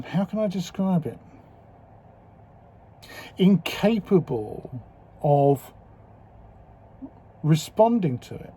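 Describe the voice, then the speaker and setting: Husky fifty-something guy, dark voice, talks slow and frank into his video diary. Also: medium pitch. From England. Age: 50s. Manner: slow, reflective and candid, with strong swearing. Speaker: video diarist.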